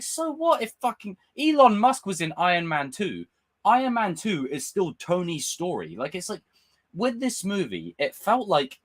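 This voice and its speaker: A young man hosting a live stream, chatting casually and ranting with lots of swearing. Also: a little high. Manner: animated, swearing, ranting fan. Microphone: desk mic with camera.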